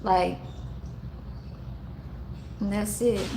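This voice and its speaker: A woman in her forties hosting a casual livestream, her voice sitting a little high. She rambles through childhood stories, swearing freely and breaking into laughter, and stops to talk to her chat. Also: moderate pace, noisy background. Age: 40s. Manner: profane, laughing storyteller who talks to her chat. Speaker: livestream host.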